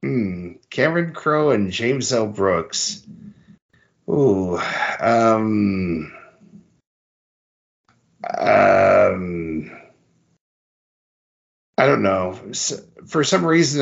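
A man guessing in a casual quiz, hesitant and thinking aloud with many pauses. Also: lowish voice, expressive, creaky, lo-fi sound. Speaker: quiz contestant.

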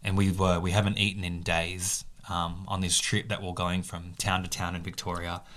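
A man with a lowish voice, co-hosting a casual podcast. He tells the story in an animated way, acting out what people said and adding quick asides. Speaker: podcast co-host.

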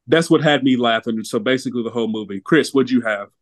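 Casual co-host reviewing a film, mid-pitch guy, rambles and repeats himself, dry close sound. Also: fast talker, no room sound. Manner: rambling, repeats words, laughs while talking. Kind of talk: casual movie review chat.

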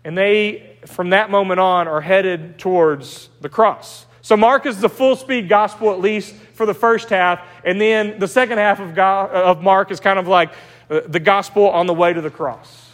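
A man's voice: high-pitched, moderate pace, a bit bright, big-room sound. A man with an East Texas accent preaching a sermon in a church, teaching in a conversational way with personal stories. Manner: conversational, anecdotal preaching with restarts. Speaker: pastor. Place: church sanctuary.

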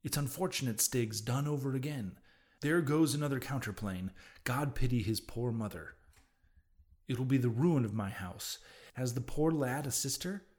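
A man voicing a flustered older landlady who scolds and frets in rapid exclamations, in an audiobook reading. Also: mid-range voice, animated, a little mellow, close to an everyday voice. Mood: fretful scolding. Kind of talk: audiobook character voice.

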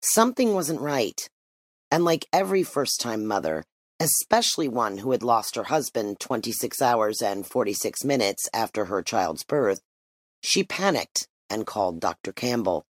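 A narrator reading a literary story aloud in an expressive, measured way. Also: mid-range voice, dry recording. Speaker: audiobook narrator.

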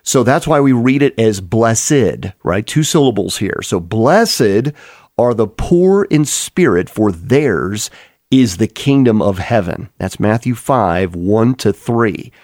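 A man's voice: lowish voice, expressive, measured pace, darkish tone, no echo, clean studio sound. A man preaching an earnest, explanatory Bible teaching sermon, with frequent restarts as he works through the text.

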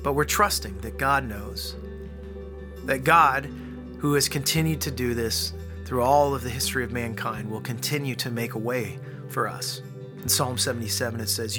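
A man's voice: mid-range voice, moderate pace, over music. A man in his thirties giving an earnest devotional talk that builds to emphatic peaks. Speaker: guest speaker.

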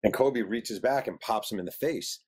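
Male author, lowish voice, animated storyteller who acts out quotes. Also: normal speed, breathy edge. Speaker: author guest. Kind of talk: telling a story in an interview.

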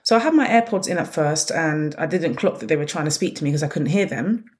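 A woman hosting her own podcast, telling stories in a blunt, sarcastic, animated way. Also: low-pitched, fast. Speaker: podcast host. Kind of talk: casual solo podcast monologue.

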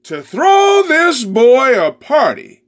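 Brief: preacher puts on a resentful older brother, high voice, slow and aggrieved. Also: male voice, wildly swooping pitch, a bit bright, full character voice. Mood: indignant. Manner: indignant, cries out. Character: resentful hardworking older son, young man.

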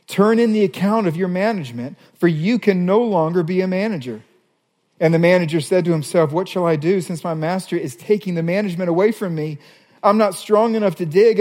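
A man preaching a sermon as a pastor, animated, reading scripture passages aloud. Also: a little high, big-room sound.

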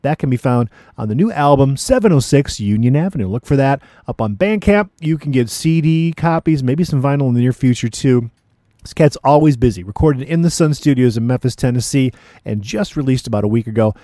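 A male radio DJ with a mellow, darker voice talks in a relaxed, rambling way between records, often pausing on "uh" and "you know." His pitch sits in an ordinary middle range. The recording is dry and close, with no room sound. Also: no echo. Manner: laid-back and chatty, with frequent "uh" and "you know". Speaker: radio DJ host.

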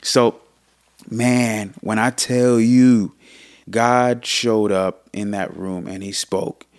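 Earnest man with a low voice. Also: drawn-out words, dry recording, studio quality. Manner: earnest, animated storytelling. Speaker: podcast co-host. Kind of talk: casual faith talk.

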